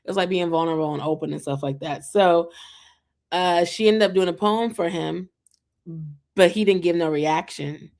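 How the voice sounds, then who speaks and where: A young adult woman from the United States who hosts a vlog and chats casually to her viewers. She is animated and fills her talk with "like" and "um" and asides of "child". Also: on the low side, normal speed. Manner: chatty and animated, with lots of "like" and "um" fillers and asides of "child". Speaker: vlog host reviewing a reality show. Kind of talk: casual chat to camera.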